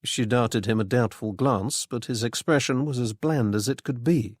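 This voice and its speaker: A man giving a measured scripted narration of a mystery audiobook. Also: medium pitch, no room sound, clean studio sound.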